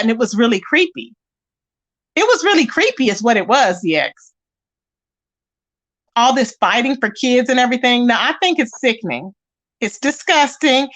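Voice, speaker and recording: A woman hosting a casual online chat. She talks in a sassy, animated way and calls her listeners child and baby. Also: on the high side. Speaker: YouTube commentary host. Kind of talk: casual chat to a live audience.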